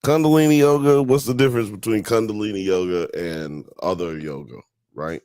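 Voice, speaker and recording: A man's voice: fairly low pitch, brisk, darkish tone, smooth, dry recording, studio quality. A man hosting a live-streamed talk show, chatting casually and profanely, joking with the audience and reading chat comments aloud.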